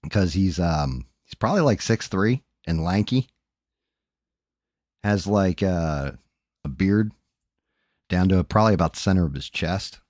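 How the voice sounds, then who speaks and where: A man's voice: deep voice, lively intonation, a little slow, pauses often, a little mellow, no room sound, clean studio sound. A man hosting a casual livestream, talking in a profane, rambling, off-hand way. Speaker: streamer and host. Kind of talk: casual livestream chat while painting.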